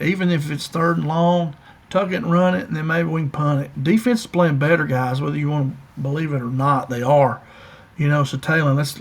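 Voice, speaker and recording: A man giving a folksy, enthusiastic casual breakdown of his college football team's players, speaking directly to his viewers. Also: on the high side. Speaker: college football fan commentator.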